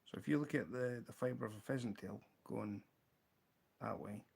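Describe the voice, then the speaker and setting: A man with a Scottish accent hosting a casual livestream, showing fly-tying materials and telling an animated story, laughing often. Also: mid-range voice, moderate pace, vocal fry, slightly rough. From Scotland. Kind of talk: casual livestream chat and anecdote.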